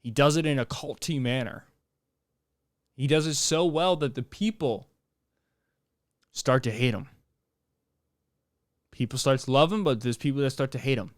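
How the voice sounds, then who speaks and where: A man's voice: medium pitch, normal speed, pauses often, no echo, studio quality. A young man hosting a podcast in a casual, rambling monologue, joking and restarting his sentences. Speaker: podcast host.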